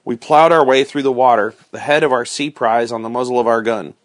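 A man reading a storybook aloud in a steady, expressive storytelling manner. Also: mid-range voice, fairly quick, dry recording, studio quality. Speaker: reader.

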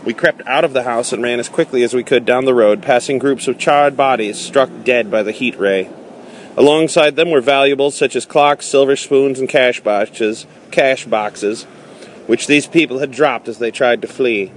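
A man's voice: mid-range voice, slight background noise. Man reading a novel aloud. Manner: measured, with small slips and restarts. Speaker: audiobook reader.

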